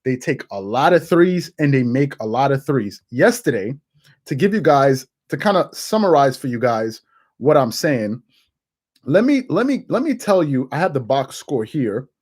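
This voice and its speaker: A man hosting a casual sports commentary show, animated and laughing, with quick restarts. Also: medium pitch. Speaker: host.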